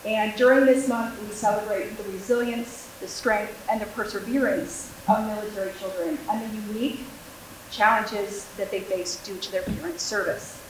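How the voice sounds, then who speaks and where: A woman's voice: mid-range voice, fairly even intonation, normal speed. Middle-aged woman, projected teacher voice, formal speech, very echoey room with faint hiss. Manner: projecting teacher voice without a microphone. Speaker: military school liaison. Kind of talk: prepared public address. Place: school board meeting room.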